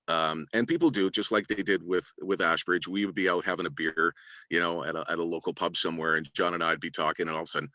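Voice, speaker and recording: Deep-voiced announcer, forceful and dry. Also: male voice, no room sound. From Canada. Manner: humble, grateful, hesitant restarts. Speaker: arena announcer and voice-over actor. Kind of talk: interview guest, reflective storytelling.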